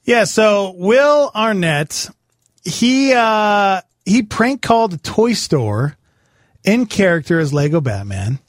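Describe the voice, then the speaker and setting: A man's voice: sits high, sing-song, takes it slowly, no echo, clean studio sound. A man co-hosting a radio show, chatting and teasing his partner. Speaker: radio co-host. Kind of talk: radio banter.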